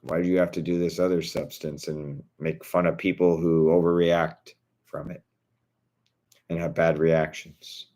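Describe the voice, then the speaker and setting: A man with a very deep voice rants casually to his viewers. He speaks bluntly and indignantly, swearing freely. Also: little pitch movement, a little slow, a little mellow. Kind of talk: casual vlog rant.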